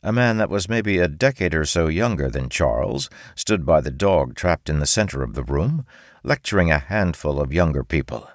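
A man narrating a fantasy audiobook in a steady storytelling manner. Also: very deep voice, normal speed, no echo, clean studio sound.

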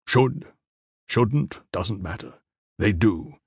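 A man voicing a weary, blunt commander of bodyguards who speaks solemnly and forcefully in an audiobook. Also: lowish voice, expressive, very slow, gravelly, slightly rough, no room sound, studio quality, heavily acted.

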